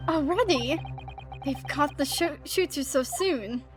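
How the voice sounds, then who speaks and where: A woman's voice: high-pitched, takes it slowly, over music, pitched below the performer's own voice. A woman voicing an earnest young male lawyer hero, speaking in a shaken, sincere way in a game read-through. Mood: shocked.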